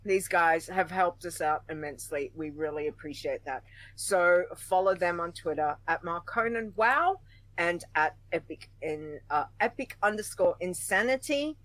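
A woman's voice: fairly low pitch, a bit bright, dry recording, rough recording. A woman co-hosting a gaming podcast in casual chat, giggling often and thanking listeners. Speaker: podcast co-host.

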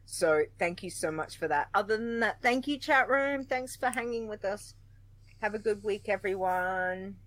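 A woman's voice: medium pitch, moderate pace, no echo, low-quality recording. Woman podcast co-host, giggly and chatty, dry close sound. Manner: giggly, chatty, thanks listeners warmly. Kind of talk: casual podcast chat.

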